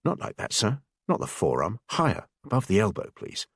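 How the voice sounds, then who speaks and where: A man voicing a frail, priestly combat trainer who gives quiet, polite instructions. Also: low voice, very animated, moderate pace, no echo, clean studio sound, heavily acted. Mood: instructive. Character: frail, sickly-looking male combat trainer, calm.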